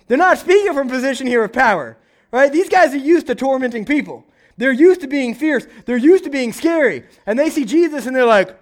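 A man preaching a sermon, animated and conversational, acting out little voices and asking "right?" again and again. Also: extremely high pitch, a little fast. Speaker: pastor.

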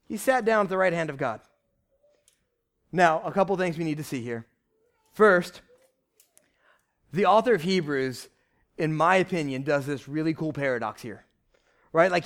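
A young man preaching a lively, conversational sermon from a church stage, shouting at times for emphasis. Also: extremely high pitch. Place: church stage before a congregation.

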